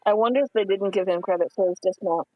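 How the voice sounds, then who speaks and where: A man co-hosting a live stream, giving scores and background in a steady, informative way with some fillers. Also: sits high, quick pace, dry recording, narrow, tinny audio. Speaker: commentator. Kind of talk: casual live-stream commentary.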